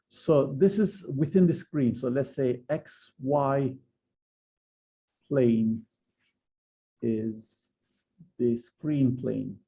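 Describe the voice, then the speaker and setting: Gravelly dark-voiced male physics lecturer. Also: mid-range voice. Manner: hesitant, many fillers and restarts while explaining. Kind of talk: university lecture. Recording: slightly dull lo-fi lecture recording.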